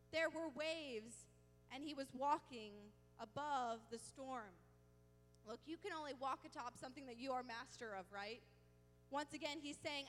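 A woman preaching a sermon, emphatic and animated, drawing out words for stress. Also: high-pitched. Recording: long hall reverb with faint music.

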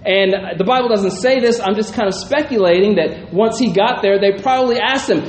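Brief: high-pitched male pastor, casual Bible teaching, recorded in an echoey room. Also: moderate pace, hardly any pauses. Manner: reads scripture, then muses aloud with frequent "right?" asides. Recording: roomy echo, faint background noise.

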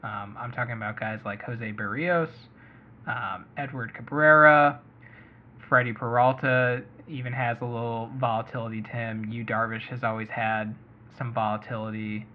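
A man's voice: mid-range voice, fairly even intonation, moderate pace. A man hosting a casual sports podcast, chatty and thinking aloud with lots of hedging. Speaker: fantasy baseball podcast host. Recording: muffled lo-fi audio.

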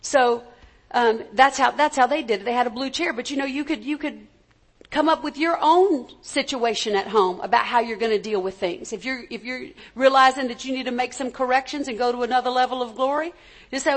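Woman preacher with a high voice. Delivers a chatty, conversational sermon and calls out for amens from the pews. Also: a little fast.

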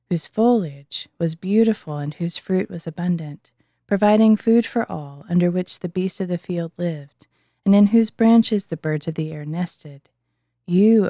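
A wise male prophet in a scripture reading gravely interprets a dream for a king, read by a woman. The voice sits low and mellow, measured and earnest. The sound is close and dry, with no room around it. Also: no room sound.

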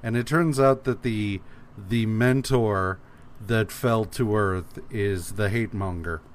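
A man co-hosting a casual podcast, recapping calmly with many pauses and fillers. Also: on the low side, a little hiss or hum. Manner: relaxed, hesitant, many fillers. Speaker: podcast co-host. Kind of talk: casual comics podcast chat.

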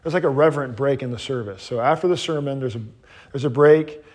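Animated pastor teaching a class. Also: male voice, medium pitch, fast. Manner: animated, paces while teaching, frequent restarts.

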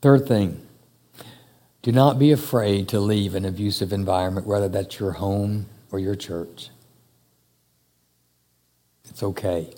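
A man preaching a sermon to a church congregation, speaking slowly and emphatically with long pauses. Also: lowish voice, mellow. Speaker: pastor. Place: church hall. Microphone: handheld or stand mic.

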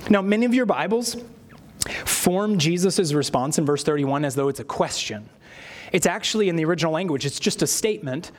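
High-voiced man preaching a sermon. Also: brisk. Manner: expressive preaching, acting out quoted voices. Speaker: pastor.

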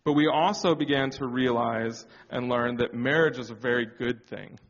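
A man speaking candidly about his own story in a sermon setting, pausing and reflecting with many fillers. His voice rings out with a long hall reverb. The sound is slightly dull and muffled. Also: medium pitch. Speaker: church speaker. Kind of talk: personal testimony in a sermon.

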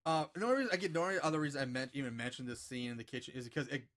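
A man's voice: medium pitch, animated, rapid-fire, a bit bright. A man co-hosting a podcast, recapping a movie in a rambling, profane, casual way. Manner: rambling, profane, filler-heavy. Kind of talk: casual chat.

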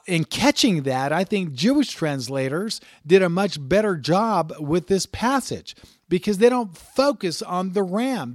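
A man's voice: fairly high pitch, no room sound, studio quality. A man teaching scripture in a sermon style, emphatic, reading passages aloud and repeating key words for stress. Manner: frequent "uh" fillers and restarts. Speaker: Bible teacher.

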